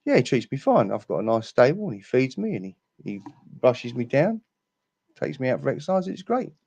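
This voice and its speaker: A man's voice: mid-range voice, big pitch swings, brisk, vocal fry, a little mellow, breathy edge, dry recording, muffled recording, heavily acted. A man voicing a contented male horse in a told joke, describing its care in a raised, easygoing voice. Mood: pleased.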